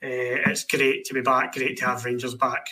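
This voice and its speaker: Man, podcast host, bright tone, flat pitch, joking banter. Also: moderate pace, slight background noise, poor audio. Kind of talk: casual podcast chat.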